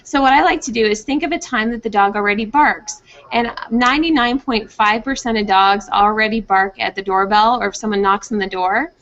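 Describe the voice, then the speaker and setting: Speaking fairly quickly with hardly any pauses, a young woman at medium pitch offers pet-training advice in a conversational style. She playfully voices dogs' inner thoughts, and the online call audio comes through muffled and dull.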